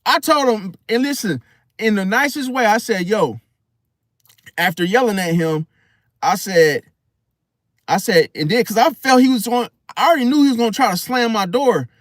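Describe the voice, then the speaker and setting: Man, animated slangy storyteller, high voice, dry close sound. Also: normal speed, no echo. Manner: animated, slangy, acts out quotes. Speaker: podcast host.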